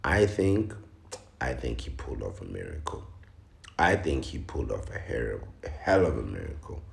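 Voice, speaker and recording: Very deep, gravelly man in an echoey room. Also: very animated. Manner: slow, dramatic, mocking delivery with sudden loud exclamations. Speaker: commentary channel host. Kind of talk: commentary reading and reacting to a news article.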